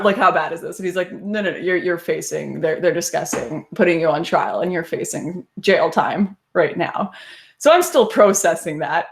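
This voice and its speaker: A young woman casually telling a first-person story, animated and laughing often as she talks. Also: fairly low pitch.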